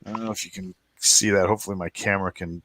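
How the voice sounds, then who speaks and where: A man's voice: deep voice, fairly even intonation, very fast, fairly bright tone, slight background noise. A man chatting casually on a podcast, rambling with many fillers and restarts. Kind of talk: casual chat.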